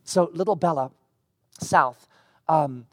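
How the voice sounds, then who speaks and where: A man preaching a sermon, animated and emphatic, slowing down to stress key words. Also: fairly high pitch, no room sound, clean studio sound. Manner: acts out scripture quotes in character voices.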